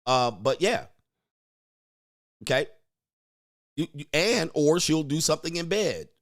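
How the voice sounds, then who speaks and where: A man's voice: on the high side, animated, slow pace. A man hosting a casual reaction commentary, crude and joking, often mimicking other people's voices. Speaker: commentary show host.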